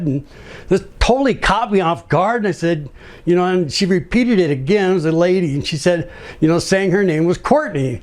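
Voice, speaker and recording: A man's voice: high voice, animated, moderate pace. A man telling his personal faith testimony in an earnest, rambling way, with frequent restarts and laughs. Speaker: ministry speaker sharing testimony.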